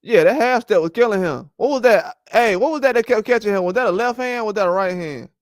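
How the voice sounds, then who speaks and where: Male boxing host, high smooth voice, dry close sound, loose rambling trash talk. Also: fast talker, dry recording. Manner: animated, rambling trash talk with frequent laughs. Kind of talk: casual boxing commentary livestream.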